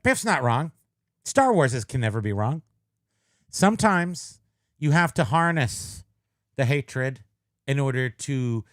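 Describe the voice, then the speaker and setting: Brief: playful male co-host, animated delivery, dry close sound. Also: mid-range voice, takes it slowly, pauses often, no echo. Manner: joking, playful. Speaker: podcast co-host. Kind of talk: casual chat.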